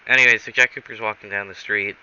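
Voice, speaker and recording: Man, low voice with a sharp edge, rambling improvised storyteller, muffled lo-fi mic. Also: steady tone, fast talker, clean tone. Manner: rambling, self-correcting, many fillers. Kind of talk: improvised comic story narration. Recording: dull recording with faint hiss.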